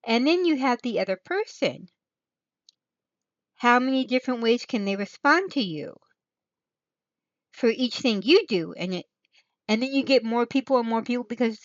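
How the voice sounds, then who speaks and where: A woman's voice: on the high side, dry recording, lo-fi sound. A woman hosting her own channel, chatting casually and rambling, thinking aloud, trailing off and restarting her thoughts. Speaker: channel host. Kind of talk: rambling casual livestream chat.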